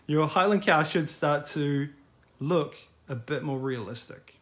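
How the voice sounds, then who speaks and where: A man's voice: fairly high pitch, a little slow, fairly bright tone. A middle-aged man teaching a live online drawing class in a casual, encouraging, chatty way. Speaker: art teacher.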